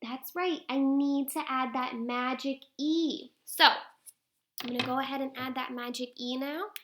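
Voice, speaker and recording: A woman teaching a phonics lesson to young children on video, sounding out letters slowly and asking coaxing questions. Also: sits high, steady tone, a bit bright. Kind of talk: early-grade phonics lesson to camera.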